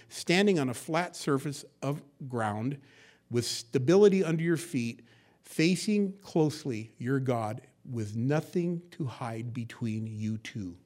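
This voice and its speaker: A man preaching an expository sermon, moving between hushed, conversational asides and loud, emphatic verse reading, with folksy acted-out quotes. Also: mid-range voice. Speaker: pastor.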